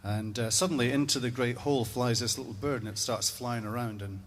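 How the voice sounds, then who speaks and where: A man's voice: mid-range voice, steady tone, brisk, a little hiss or hum. A Scottish man telling a comic story in a wry, rambling way, with profane asides. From Scotland.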